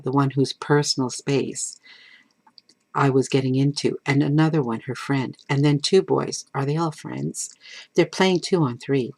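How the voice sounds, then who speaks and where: A woman reads her own novel aloud to a class, voicing the narrator expressively in the first person. Her voice sits low and even. The recording is close and dry, with no room sound. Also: dry recording. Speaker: author reading her own book. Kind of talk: reading a novel aloud to students.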